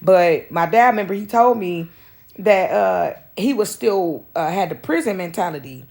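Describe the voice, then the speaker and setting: A woman's voice: lowish voice, animated, normal speed, creaky, darkish tone. Chatty woman telling a rambling story. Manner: rambling, addresses listeners as y'all, drifts into asides. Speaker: vlogger telling a personal story. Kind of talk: casual storytelling to camera.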